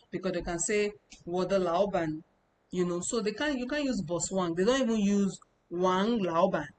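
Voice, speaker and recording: A woman's voice: lowish voice, slight background noise, poor audio. A woman from Nigeria, teaching an informal lesson and talking each point through step by step, often repeating herself. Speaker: language teacher.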